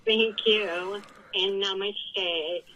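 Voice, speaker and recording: A woman from California calling in to a radio show, speaking softly and politely. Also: mid-range voice, steady tone, highs cut off, slight background noise. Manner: soft, slow and polite. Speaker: caller.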